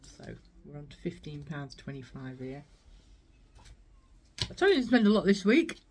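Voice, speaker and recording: Chatty woman, slightly low voice. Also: sing-song, moderate pace, a little mellow. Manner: chatty, rambling, laughs often. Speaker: thrift haul vlogger. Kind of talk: casual chat.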